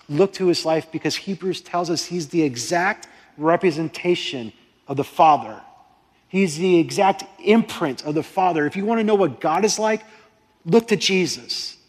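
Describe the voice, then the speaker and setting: A man preaching a sermon as pastor, passionate and excitable, swinging between loud fervent prayer and hushed urgency. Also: a little high, normal speed. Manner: impassioned, rising to near-shouting prayers, then dropping quiet. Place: church sanctuary. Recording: long hall reverb.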